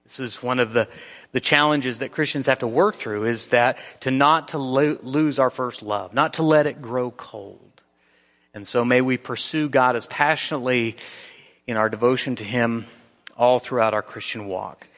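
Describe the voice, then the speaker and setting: A man preaching a sermon in a church, earnest, with slow emphatic phrases and frequent restarts. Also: medium pitch, a bit bright. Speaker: pastor. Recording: long reverb of a large hall.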